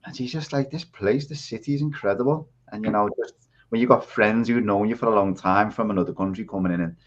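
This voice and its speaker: This English man speaks fast in a low voice with fairly even intonation and a Scouse accent. Joining a podcast by video call, he tells his story casually and rambles as he goes, captured on dull lo-fi audio.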